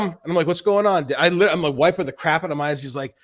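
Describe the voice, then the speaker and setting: A man's voice: a little high, fairly even intonation, fast talker, a bit bright. A man in his forties on a casual livestream, talking in long rambling runs with many restarts and frequent swearing. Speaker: stream host.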